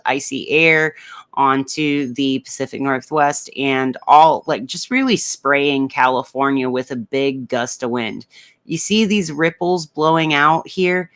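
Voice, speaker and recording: A man's voice: a little high, fairly bright tone, clear, resonant tone, no room sound. A man hosting a comedic weather livestream, talking casually and playfully in a rambling way, with many fillers.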